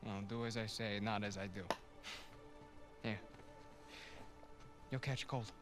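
An actor playing an easygoing older brother in a video game cutscene, relaxed and wry. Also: male voice, fairly low pitch, measured pace, music in the background, natural voice. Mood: coaxing. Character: easygoing older brother, teasing but protective.

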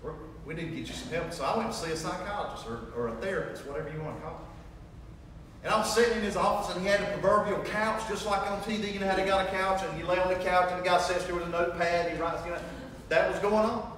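Man preaching his testimony, high voice, echoey hall, distant mic, faint ambience. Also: fast, slight background noise. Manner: animated storytelling, acting out dialogue. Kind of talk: sermon testimony.

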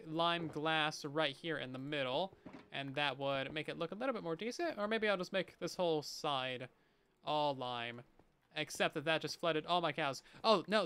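A man livestreaming a game banters casually with his viewers, tossing in bursts of mock panic. His voice is a little high, bright and forceful, with a clean tone.

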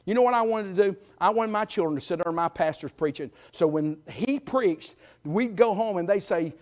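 A middle-aged man preaching a sermon in a church, folksy and emphatic, swinging between loud calls and quiet asides. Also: sits high, fairly quick, hardly any pauses. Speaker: guest preacher. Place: church sanctuary.

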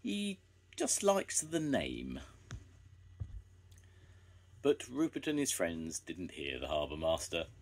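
An older man reading a children's story aloud, gentle and expressive. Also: low-pitched.

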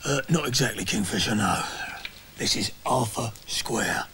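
A man's voice: medium pitch, unhurried, pushed and bright, slight background noise. A man playing a blustering London local with a London accent, full of cockney slang.

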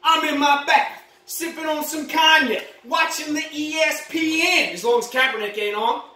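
A woman playing a boastful, rambling male ex-Marine patriot dad in a comedy monologue, shouting one moment and muttering the next. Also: moderate pace. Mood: blustering. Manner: boastful, rambling, shouts then drops low. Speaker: comedy vlogger. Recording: roomy echo, mic at a distance.

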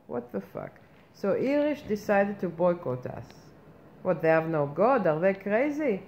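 A medium-pitched woman's voice with big pitch swings moves at a measured pace. She plays a brash, self-important female reporter in a satirical comic monologue, blustering through a mock-earnest rant of outraged questions. The muffled lo-fi recording carries faint background noise.

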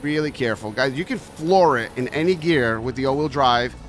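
A man's voice: mid-range voice, lively intonation, fairly quick, a little hiss or hum. A man streaming a truck-driving game, chatting with viewers and yelping at near misses. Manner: greets chat viewers by name. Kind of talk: live-stream gameplay commentary.

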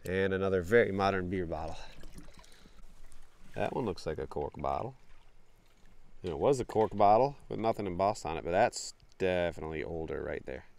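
A young man, chatting excitedly to viewers while wading a creek, sniffling from allergies. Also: low-pitched. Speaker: bottle-hunting vlogger. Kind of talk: casual outdoor vlog narration. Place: outdoors in a creek.

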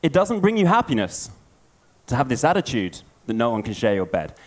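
A man giving a storytelling conference talk, an animated storyteller. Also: medium pitch, a little fast. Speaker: conference speaker.

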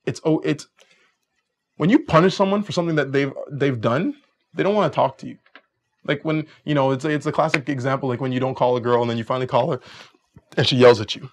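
A man's voice: mid-range voice, fast talker. A man giving casual dating advice, telling stories and acting out both sides of conversations. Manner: animated storyteller, acts out both sides of conversations. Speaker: dating coach.

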